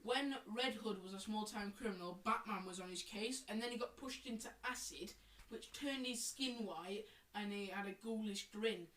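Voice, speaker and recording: A woman co-hosting a podcast in chaotic casual chat, rambling and giggly with loud silly outbursts. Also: mid-range voice, normal speed. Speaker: podcast co-host. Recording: echoey room, distant mic, faint noise.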